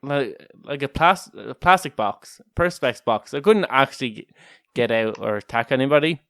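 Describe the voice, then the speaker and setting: A young man with a soft Kildare Irish accent co-hosts a casual podcast chat, rambling through stories, swearing freely and breaking into laughter. His smooth, clear, medium-pitched voice is animated and moves at a normal speed, recorded close in a dry room.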